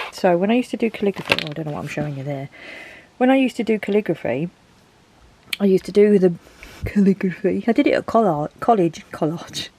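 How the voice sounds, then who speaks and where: A woman with a fairly low voice vlogs from her home craft room against a noisy background. She rambles casually, thinking out loud and talking to herself while sorting through her things.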